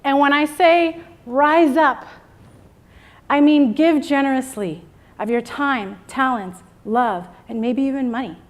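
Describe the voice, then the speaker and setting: Middle-aged lady giving a pumped-up empowerment speech on stage, kinda high voice, keeps getting the crowd to answer back. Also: slow pace. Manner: rousing, call-and-response with the audience. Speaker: keynote speaker. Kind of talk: motivational speech. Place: event stage before a live audience.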